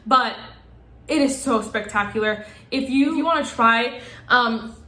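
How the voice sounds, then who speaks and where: A young woman gushing excitedly as she reviews makeup and talks straight to her viewers in a casual vlog. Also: fairly high pitch, unhurried. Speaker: beauty vlogger. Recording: echoey room.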